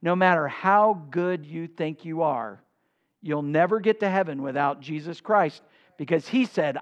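Brief: male pastor, fervent sermon delivery, scripture readings in archaic wording, high voice. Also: unhurried, lo-fi sound. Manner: impassioned preaching, quoting scripture in old-style wording.

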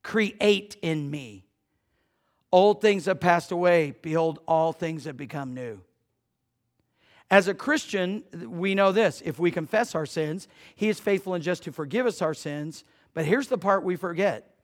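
A male pastor with a fairly high voice and an unhurried pace delivers a conversational sermon. He banters with the congregation and swings between loud emphasis and hushed passages.

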